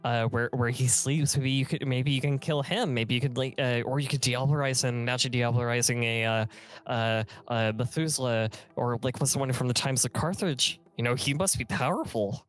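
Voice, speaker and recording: A man's voice: mid-range voice, moderate pace, lightly acted. A man voicing a cowardly male vampire sire who stammers, bargains and pleads in a raised, panicky voice. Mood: pleading.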